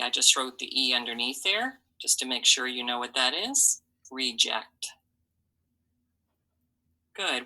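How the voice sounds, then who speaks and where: A woman teacher leads a phonics lesson for children at a very unhurried pace. Her low voice has a bright, slightly husky edge. She sounds out letters and syllables and cheers the kids on patiently. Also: low-quality recording.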